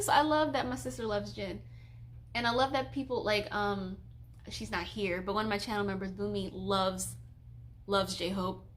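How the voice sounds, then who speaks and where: A woman's voice: medium pitch, fairly even intonation, normal speed, slight background noise. A woman in her twenties streaming casually, chatty and giggly, gushing like a fan while reading viewer questions. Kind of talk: casual live-stream chat.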